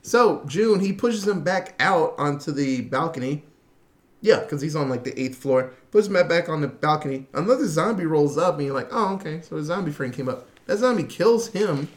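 A podcast co-host casually recaps a zombie movie, laughing, swearing, and animating his retelling with quoted voices. His voice is on the high side, and he speaks at a normal speed.

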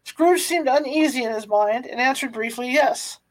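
A woman's voice: high voice, moderate pace, rough recording. A woman narrating a classic novel aloud, sometimes stumbling and restarting words. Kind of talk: audiobook reading of a classic novel.

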